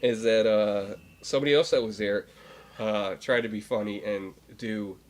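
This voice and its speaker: Rambling man, slightly low voice. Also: fairly even intonation, normal speed. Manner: rambling, many restarts and fillers. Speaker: podcast co-host. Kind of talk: casual chat.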